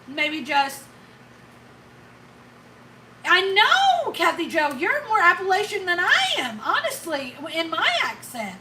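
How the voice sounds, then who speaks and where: A woman's voice: sits high, sharp tone, slight background noise. A middle-aged woman from Indiana with a light Southern Kentucky accent, chatting casually with viewers on her channel and answering them by name. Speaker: YouTube channel host. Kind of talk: casual live chat with viewers. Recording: roomy sound from a distant mic.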